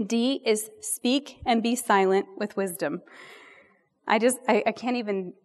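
A woman's voice: mid-range voice, unhurried. Chatty woman teaching a sermon. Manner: chatty, self-deprecating, rambling asides. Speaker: women's ministry speaker. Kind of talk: sermon-style Bible teaching.

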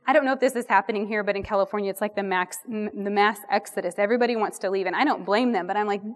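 Brief: middle-aged woman, warm rambling women's ministry speaker, self-deprecating asides, sermon delivery. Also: medium pitch, fast. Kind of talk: sermon-style Bible teaching.

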